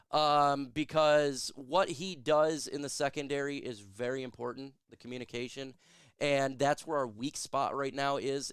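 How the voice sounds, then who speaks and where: A man's voice: medium pitch, smooth, no room sound, clean studio sound. A man hosting a sports show, chatting casually and answering viewer questions in a joking, chatty way. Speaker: sports podcast host. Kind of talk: casual live Q&A chat.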